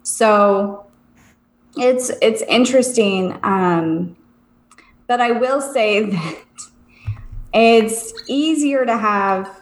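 A woman's voice: mid-range voice, very slow, pauses often. A woman in her thirties co-hosting a casual live chat, frank and self-mocking, laughing often. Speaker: co-host. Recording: roomy echo.

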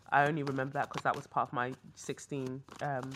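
A woman's voice: very deep voice, fairly even intonation, fairly quick, few pauses, fairly bright tone, a little hiss or hum. A young British woman hosting a podcast, chatting casually and rambling through asides while reading tarot. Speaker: podcast host and tarot reader. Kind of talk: casual chat. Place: hotel room.

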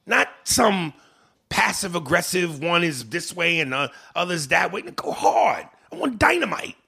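A man co-hosting a casual podcast, his voice gravelly and bright. He talks in an animated, profane way, pushing his pitch up when he gets worked up. He reads listener email aloud in the same loose style. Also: unhurried. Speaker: podcast co-host.

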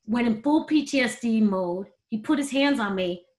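Brief: middle-aged woman guest, high voice, animated storyteller, laughs easily. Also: moderate pace. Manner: animated, laughs between stories. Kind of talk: candid storytelling interview.

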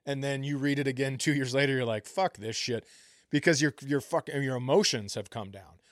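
A man in his forties trades jokes on a podcast in a relaxed, storytelling way, swearing freely. His voice sits at an ordinary middle pitch and is recorded close and dry, with no room sound. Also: fairly quick, no echo. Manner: swearing, laid-back storytelling. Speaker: podcast co-host. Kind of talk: casual comedic chat.

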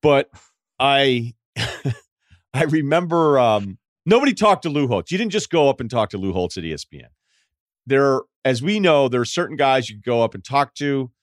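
A man hosting a sports podcast, telling stories in casual chat with quick asides. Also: mid-range voice, no echo, clean studio sound. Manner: animated storyteller with quick asides. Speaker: podcast host.

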